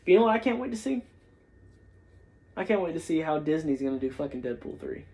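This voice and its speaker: A man co-hosting a pop-culture podcast in casual chat, excitable and swearing, often restarting his sentences. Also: fairly high pitch, fast talker. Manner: excitable, swears freely, stumbles over restarts. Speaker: podcast co-host.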